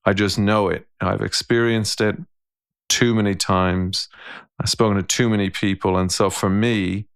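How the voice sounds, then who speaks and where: A man with a low, gravelly voice speaks in a casual, thoughtful podcast chat. He circles back on his words and restarts sentences as he works through an idea. The sound is close and dry. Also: fairly even intonation, measured pace, no room sound. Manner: thoughtful, storytelling, frequent restarts. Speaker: podcast co-host. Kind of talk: casual reflective conversation.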